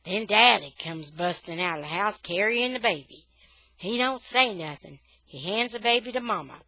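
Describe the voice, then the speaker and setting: Woman reader, expressive storyteller for a children's novel, bright voice. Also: mid-range voice, normal speed, no room sound, poor audio. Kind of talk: reading a children's novel aloud.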